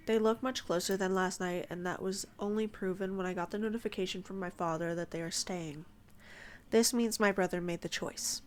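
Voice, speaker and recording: Soft-voiced woman narrating a story. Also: mid-range voice. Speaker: audiobook narrator. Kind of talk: first-person story narration.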